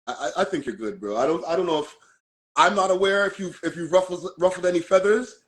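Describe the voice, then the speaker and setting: A man's voice: high-pitched, quick pace, fairly bright tone. A man with a Toronto accent, a guest on a casual live-stream chat, talking in a laid-back, slangy way. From Canada.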